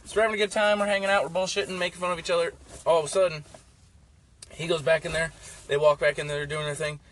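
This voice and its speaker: A man's voice: fairly high pitch, level tone, quick pace, a bit bright. A young man telling stories in a casual, profane, rambling way, full of "like". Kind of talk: casual storytelling chat. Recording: faint background noise.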